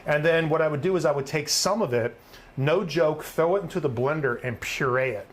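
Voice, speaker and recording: During a live cooking demonstration, the middle-aged host walks through his recipe in a chatty, upbeat way, frequently asking "right?". He speaks briskly in a voice on the high side.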